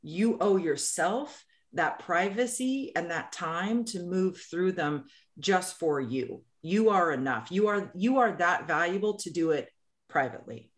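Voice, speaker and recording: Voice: mid-range voice, lively intonation, measured pace. A young adult podcast co-host speaking earnestly and affirmingly in casual chat, often checking in with "right?".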